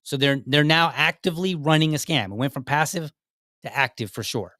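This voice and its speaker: A man's voice: on the high side, brisk, sharp tone, dry recording, studio quality. A man hosting a podcast, giving direct, argumentative commentary and often repeating himself as he builds a point. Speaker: podcast host. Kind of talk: commentary on a played clip.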